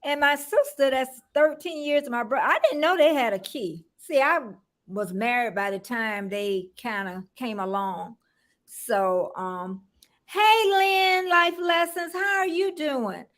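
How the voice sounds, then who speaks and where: An older woman from Florida hosts a casual livestream in a high, bright voice. She chats easily, laughs a lot and calls out viewers by name. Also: lively intonation, takes it slowly. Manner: chatty, laughs often, greets viewers by name. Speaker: livestream host.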